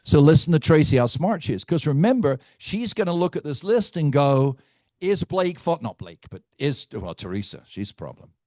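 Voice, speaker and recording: A man leading a live team training session, brash and teasing, quizzing his audience with rapid questions. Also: fairly high pitch, sing-song, mellow, no echo, clean studio sound. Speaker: real estate team trainer.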